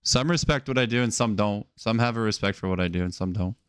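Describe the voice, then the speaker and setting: Podcast co-host, man in his thirties, lowish voice, rambling storyteller, dry close recording. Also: quick pace, clean tone, no echo. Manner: rambling, storytelling with acted quotes and frequent "like". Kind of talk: casual chat.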